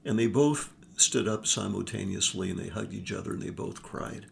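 A man's voice: fairly low pitch, moderate pace, slight background noise. A man telling a story in a casual, earnest vlog monologue, with frequent fillers and restarts. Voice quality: gravelly. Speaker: vlogger on forgiveness.

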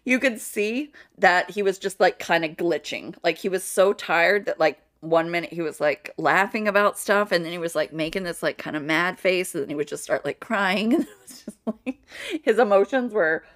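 A woman's voice: lowish voice, moderate pace, fairly bright tone. A young woman co-hosting a casual chat podcast, rambling through stories and laughing often. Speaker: podcast co-host.

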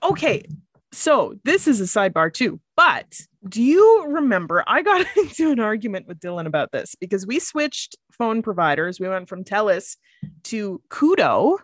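A woman's voice: medium pitch, moderate pace, no room sound, studio quality. A woman, co-hosting a podcast in casual chat and laughing often as she tells stories. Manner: laughs often, animated storytelling. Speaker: podcast co-host.

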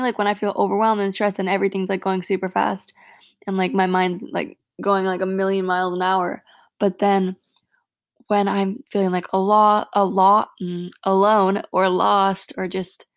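Frank young woman with a gravelly edge. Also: mid-range voice, no echo, studio quality. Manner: frank and heartfelt, swears freely, many "like" fillers. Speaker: podcast host. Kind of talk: casual solo podcast monologue.

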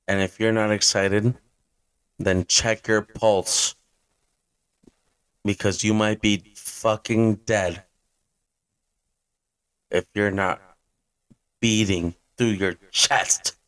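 A young man in his twenties hosts his own sports podcast and rants like a fired-up fan. His voice sits low and he takes his time with each line. He is blunt and swears now and then. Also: steady tone, takes it slowly, long pauses, fairly bright tone. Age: 20s. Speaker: podcast host. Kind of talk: fantasy football podcast rant.

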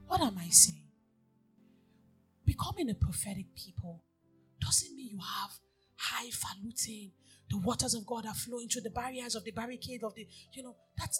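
A woman with a voice on the high side preaches a sermon, telling stories as she shifts from hushed, near-whispered speech to loud exhortation.

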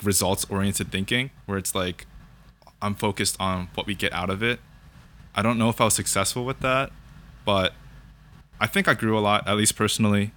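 A young man calmly sharing his faith story in conversation, thinking aloud and often checking in with "right?". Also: deep voice. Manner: reflective, thinks aloud with fillers and repeated "right?". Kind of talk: casual conversation about faith.

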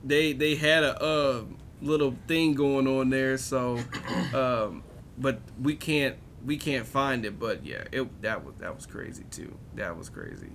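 A man's voice: medium pitch, expressive, a little slow, vocal fry, a bit bright, slight background noise. A man in casual chat with friends, telling a story with lots of laughter.

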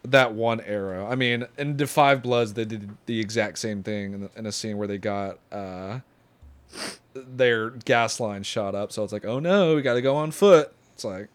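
A man's voice: fairly low pitch, a little slow, clear, resonant tone. Joking young man chatting. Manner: joking, animated asides. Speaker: podcast co-host. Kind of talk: casual chat watching a movie.

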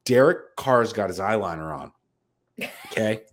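An American man co-hosts a sports betting podcast, chatting casually in a brash, profane and hyped-up manner. His lowish voice has lively intonation and a slightly slow pace.

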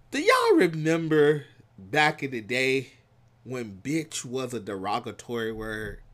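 Man, slightly high voice, slangy, animated, unhurried commentary. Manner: animated, slangy, swings from loud to hushed. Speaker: commentary vlogger. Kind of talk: casual reaction commentary.

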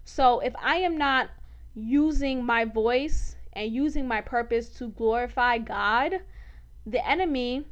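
High-voiced woman hosting a faith podcast. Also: takes it slowly. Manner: candid, animated, laughs often, says "like" a lot. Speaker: podcast host. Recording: dull lo-fi podcast audio.

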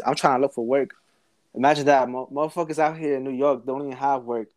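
A man's voice: mid-range voice, fairly quick, a little mellow, dry recording. Slangy young man telling a story. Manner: profane, laughing slangy storytelling. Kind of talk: casual chat.

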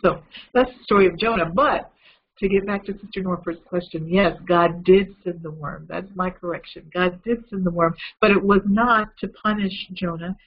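A man preaching a lively, conversational Bible lesson, retelling a story with asides to his listeners. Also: high-pitched, normal speed, muffled recording, slight background noise. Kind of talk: storytelling sermon.

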